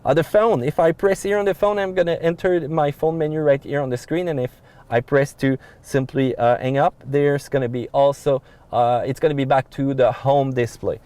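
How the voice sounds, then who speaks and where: Sitting in the cab of a pickup, a French-accented man reviewing the truck explains its dashboard controls casually, restarting often and filling gaps with "uh." He speaks at a normal speed with a medium-pitched, steady, warm voice.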